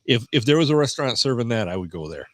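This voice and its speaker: A man in a podcast studio telling relaxed, rambling anecdotes in casual chat. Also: mid-range voice, fast, no room sound.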